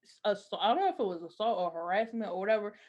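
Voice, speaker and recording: A young adult woman co-hosting a podcast, chatting casually and giving opinionated, animated recaps full of "like". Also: medium pitch, very fast, muffled recording. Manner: animated, opinionated storytelling with frequent "like". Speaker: podcast co-host. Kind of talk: casual chat recapping a TV episode.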